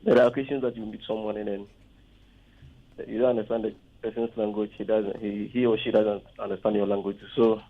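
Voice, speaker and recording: A man's voice: fairly low pitch, level tone, fairly quick. A man with a Ghanaian English accent calling in to a radio show, explaining his point earnestly and checking with rhetorical questions. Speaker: caller. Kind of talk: phone-in call. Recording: muffled phone line.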